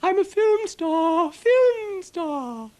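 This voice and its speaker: A vain cartoon cow squeals in a very high, shrill voice, put on by a British man. She gushes and coos, her voice leaping about wildly and drawn out slowly. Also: sing-song, darkish tone, full character voice. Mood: gushing. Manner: squealing with delight. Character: jolly vain cow, female, gushing.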